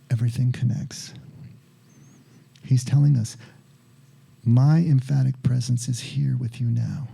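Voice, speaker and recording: Man, pastor, sermon, gravelly voice, dark mellow tone, measured emphatic delivery. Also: mid-range voice. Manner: measured, repeats key words for emphasis.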